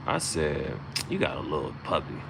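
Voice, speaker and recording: A man's voice: extremely low pitch, wildly swooping pitch, normal speed, vocal fry, noisy background. A man freestyling a loose, swaggering, profane rhyming monologue as host.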